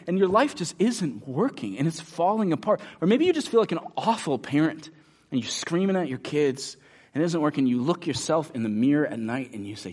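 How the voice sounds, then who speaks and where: A man preaching a sermon as pastor, animated and acting out inner voices, moving about a church stage. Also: a little high, quick pace, breathy edge.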